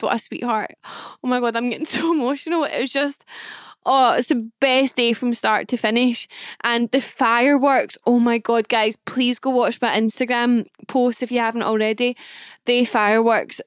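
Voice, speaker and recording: A woman's voice: a little high, smooth, no echo, clean studio sound. A young woman, chatting alone on her podcast in a gushing, emotional way, full of fillers. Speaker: podcast host. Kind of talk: casual solo podcast chat.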